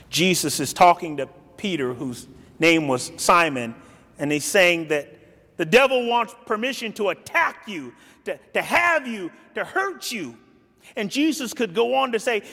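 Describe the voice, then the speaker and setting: A man preaching a sermon in a dramatic way, swinging between soft and loud and acting out the quotes he reads. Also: high voice, very animated, a little slow. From grew up in a city. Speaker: pastor. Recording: long reverb of a large hall.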